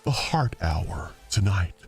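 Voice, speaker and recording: A late-night radio host with a very low, rumbling voice. He speaks in a slow, deliberate announcer cadence. A faint music bed plays underneath. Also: lively intonation, heavily acted. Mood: announcing. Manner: slow, announcer-style delivery. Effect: voice changer lowering pitch.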